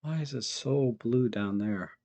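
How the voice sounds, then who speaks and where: A man hosting a live photo-editing stream, thinking aloud in a relaxed, chatty way as he works and greets viewers in the chat. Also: mid-range voice, measured pace.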